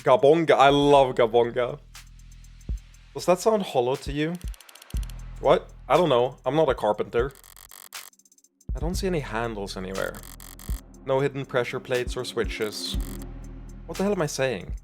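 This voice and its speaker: A man's voice: mid-range voice, expressive, moderate pace, long pauses, faint music behind. A man streaming a video game, chatting casually, swearing a lot and reading game text aloud.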